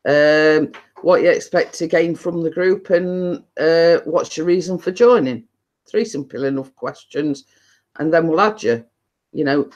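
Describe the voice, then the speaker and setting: A woman's voice: sits low, a little slow, darkish tone, dull audio. Middle-aged woman, livestream host, chatty, rambling, many ums and repeats. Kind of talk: casual chat to a live audience.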